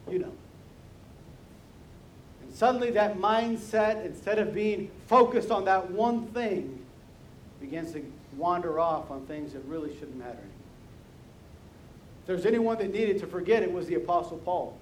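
High-voiced emphatic male preacher. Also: lively intonation, normal speed. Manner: emphatic, storytelling, repeats words in restarts. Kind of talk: sermon. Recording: roomy hall with faint rumble.

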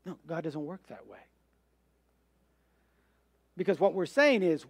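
A male pastor delivers an emphatic sermon in a notably high voice. He poses questions and answers them himself, acting out the objections of his listeners. The sound is dry and close. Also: sing-song, normal speed, pauses often, slightly rough, no echo.

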